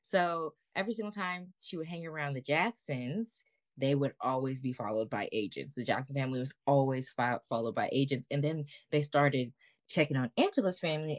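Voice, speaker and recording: A woman with a low voice co-hosts a podcast, telling a story in an animated, slangy way and swearing freely. Her voice is close and dry, with no room sound around it. She talks casually. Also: no room sound. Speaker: podcast co-host.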